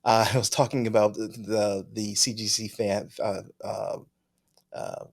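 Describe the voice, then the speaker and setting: A man's voice: on the low side, level tone, unhurried, vocal fry. A man co-hosting a podcast, reading listener mail in a chatty way, laughing often and trailing off mid-sentence. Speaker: podcast co-host. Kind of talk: casual chat.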